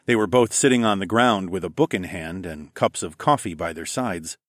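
A man narrating a first-person story in a relaxed, expressive audiobook reading. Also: sits low, moderate pace, no room sound, studio quality.

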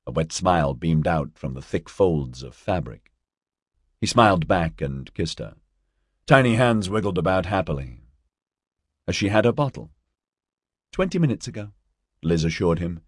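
A man reading a story aloud as an audiobook narrator, steady, lightly voicing the characters' dialogue. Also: low-pitched, husky, no room sound, clean studio sound. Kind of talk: scripted narration.

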